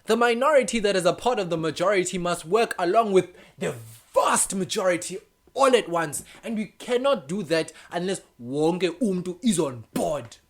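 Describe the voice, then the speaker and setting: Young South African man with a Xhosa accent, solo vlogger, lively pitch, freewheeling and chatty. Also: normal speed. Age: young adult. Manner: animated, switching languages mid-sentence, laughing often. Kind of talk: casual opinion monologue.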